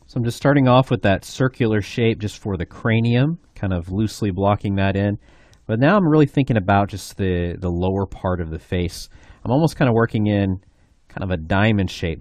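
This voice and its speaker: A man's voice: sits low, darkish tone, no echo. A man giving a drawing tutorial as a voice-over for a screen recording, in an easygoing way full of "kinda" and "um" fillers. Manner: easygoing, loose delivery with many "kinda" and "um" fillers. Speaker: art instructor.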